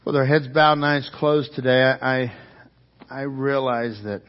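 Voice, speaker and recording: A man preaching a sermon as pastor, telling the story dramatically and moving between loud, excited passages and hushed, earnest appeals. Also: mid-range voice, a little slow, big-room sound, highs cut off.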